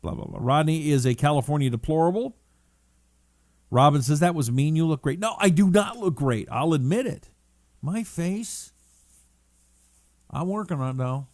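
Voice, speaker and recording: A man's voice: on the high side, animated, moderate pace, pauses often, darkish tone, dry recording, studio quality. A middle-aged man hosting a casual talk stream, reading viewer comments aloud and riffing on them in a chatty, rambling way. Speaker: talk show host.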